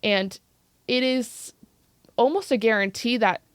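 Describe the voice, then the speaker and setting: A woman who teaches youth violence prevention, telling stories in a podcast interview in an earnest, animated way with frequent "like". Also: on the high side, measured pace, clean tone, no room sound, clean studio sound.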